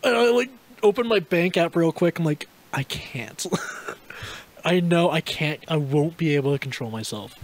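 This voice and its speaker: A man's voice: on the high side, moderate pace. A man in his twenties, a podcast co-host, telling a casual story with lots of laughter and acted-out dialogue. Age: 20s. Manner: animated, laughs often, acts out both sides of the dialogue.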